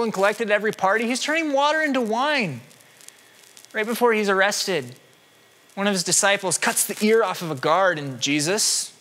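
A male preacher delivers a sermon in a bright, forceful voice that sits a little high. He moves between dramatic raised cries and quiet, hushed passages.

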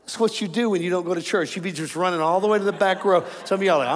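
A man with a high, light voice delivers a sermon, playful and animated as he jokes with his congregation. His voice rings out with a long hall reverb in a large church auditorium, with a faint background hum. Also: a little fast, gravelly, hardly any pauses. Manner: animated, joking, laughing with congregation. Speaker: pastor.

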